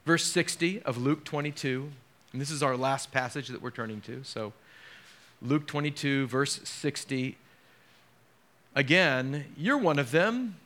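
A male pastor delivers a sermon in a middle-pitched voice. He preaches with feeling, sinking to a near hush on heavy moments and lifting his voice to press a point. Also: fairly even intonation, normal speed. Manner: emotional, dramatic shifts from hushed to raised.

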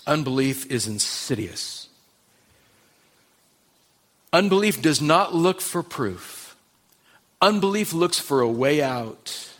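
A male pastor preaching a sermon, swinging from loud emphasis to hushed intensity. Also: a little high, sing-song, slow pace, long pauses.

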